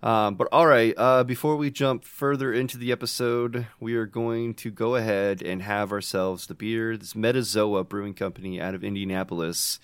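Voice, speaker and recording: A man's voice: lowish voice, steady tone, normal speed, few pauses, clean tone, dry recording. A man with an American accent co-hosting a casual podcast, joking around and laughing often. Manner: joking and laughing often, reads labels aloud. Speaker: podcast co-host. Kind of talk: casual chat.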